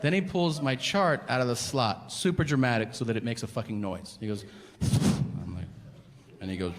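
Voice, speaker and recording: Animated male stand-up comic, echoing room. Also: mid-range voice, normal speed. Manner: animated storytelling with yelled impressions. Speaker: stand-up comedian. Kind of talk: stand-up comedy set. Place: comedy venue stage. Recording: live venue with long reverb and audience noise.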